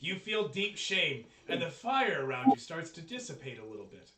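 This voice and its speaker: A man running a tabletop game as game master, talking casually, swearing a lot and pausing on fillers. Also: a little high, crowd noise. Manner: profane, excitable, hesitant with fillers. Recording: echoey room, distant mic.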